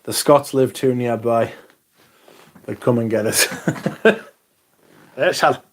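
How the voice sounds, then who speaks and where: A man's voice: mid-range voice, fairly even intonation, measured pace. A man hosting a livestream, chatting casually, swearing now and then, and reading out viewer comments. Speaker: livestream host.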